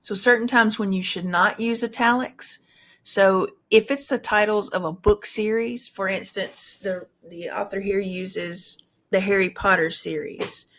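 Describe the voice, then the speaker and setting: A woman's voice: mid-range voice, steady tone, measured pace, fairly bright tone. A woman instructor explaining formatting rules in a recorded tutorial, talking through examples with frequent fillers and restarts.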